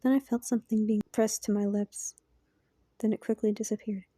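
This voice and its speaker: A woman reading a fan story aloud in a quiet, soft-spoken voice that often drops into a half-whisper. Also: medium pitch, steady tone, moderate pace, breathy edge, no echo. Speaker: fan fiction reader.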